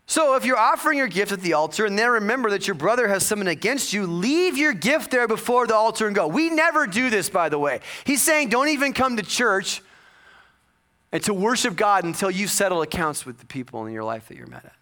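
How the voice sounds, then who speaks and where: A male pastor preaching a sermon, telling a personal story with humor and bursts of loud excitement. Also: high-pitched, fairly quick. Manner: animated storytelling with jokes and sudden loud bursts.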